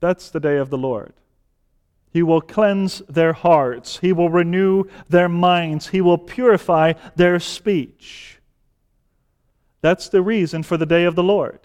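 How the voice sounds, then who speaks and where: A man preaching a sermon, speaking deliberately and building to fervent emphasis. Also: on the high side, a little mellow, clear, resonant tone. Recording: long hall reverb.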